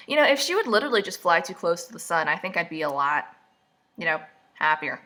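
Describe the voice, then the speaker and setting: A woman's voice: lowish voice, very animated, fast, sharp tone. A woman vlogging casual book commentary, sarcastic and mocking, full of "like"s, just woken up. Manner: sarcastic, mocking, chatty with many "like"s.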